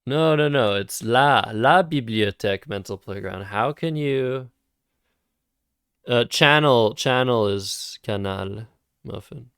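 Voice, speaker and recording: A man's voice: medium pitch, slow pace, a bit bright, clean tone, no echo, clean studio sound. A man casually thinking aloud while playing word games on a live stream. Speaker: streamer and Scrabble player.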